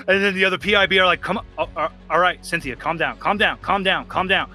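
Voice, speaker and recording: A man narrating a tabletop game as game master, animated and slipping into voices for the characters, with faint music behind him. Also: sits high, quick pace, few pauses.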